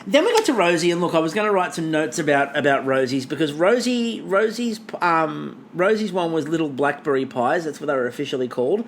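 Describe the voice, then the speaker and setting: A man's voice: a little high, animated, brisk, few pauses, a little hiss or hum. A man co-hosting a casual comedy podcast, rambling with sarcastic, mock-dramatic asides. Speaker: podcast co-host.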